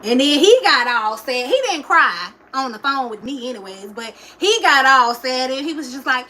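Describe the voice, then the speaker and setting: A woman's voice: sits high, lively intonation, moderate pace, hardly any pauses, bright, forceful tone, slight background noise, low-quality recording. A young woman livestreaming, telling a personal story in an emotional, chatty way and talking straight to her viewers.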